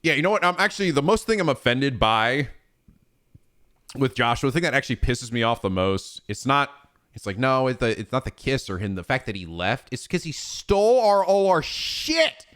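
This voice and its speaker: A young man streaming, chatting in an animated, profane way and laughing often. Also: mid-range voice, moderate pace. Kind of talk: casual gaming chat.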